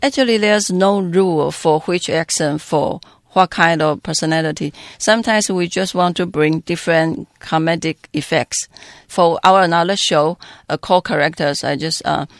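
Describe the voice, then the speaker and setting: Gravelly dubbing director. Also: medium pitch, dry recording, clean studio sound. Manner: halting, searching for words. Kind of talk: interview answers in a second language.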